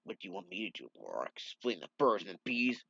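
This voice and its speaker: A man's voice: deep voice, sing-song, quick pace, gravelly, a bit bright, breathy edge, no room sound, full character voice. A man voicing a sarcastic, dismissive absent father from a comic, read aloud. The recording is dull and lo-fi. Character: gruff evasive absent father.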